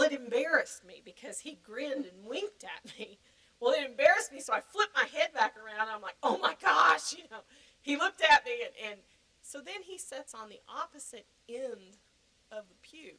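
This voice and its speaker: An older woman telling a personal story in a podcast interview, animated and laughing often. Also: mid-range voice, slight background noise, low-quality recording. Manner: animated, laughing, acting out quoted reactions. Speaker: guest.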